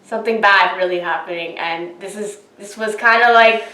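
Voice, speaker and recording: A woman co-hosting a reaction video, retelling events in an animated way and acting out quotes. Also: medium pitch, moderate pace, roomy sound. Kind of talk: casual storytelling chat.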